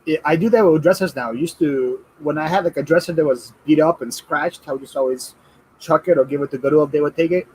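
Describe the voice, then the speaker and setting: Excitable man hosting a live stream. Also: fairly high pitch, fast talker, slight background noise, poor audio. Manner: chatty, gets loud and excited reading viewer donations. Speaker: livestream host. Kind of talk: casual chat.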